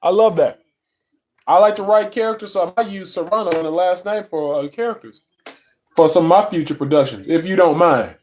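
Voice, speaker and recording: A man's voice: sits high, fairly quick, darkish tone, slight background noise. A man hosting a casual live stream from his phone, greeting viewers by name with lots of ums and restarts. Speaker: livestream host. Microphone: phone mic.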